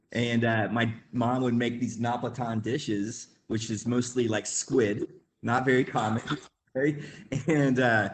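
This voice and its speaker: A webinar guest, a man raised in the Midwest, tells a rambling casual story in a mid-range voice with slight background noise. He uses lots of fillers and laughs and acts out quoted voices.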